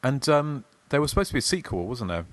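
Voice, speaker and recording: A man's voice: medium pitch, very animated, quick pace, dry recording. A man hosting a podcast, chatting casually and reading listener emails aloud. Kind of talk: casual chat.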